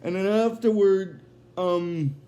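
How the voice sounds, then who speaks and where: A man retelling a cartoon episode in a loose, unscripted way, full of "uh", "um" and restarts. His voice sits high for a man. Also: mellow. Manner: halting, filler-heavy retelling. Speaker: episode recapper. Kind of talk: casual episode recap.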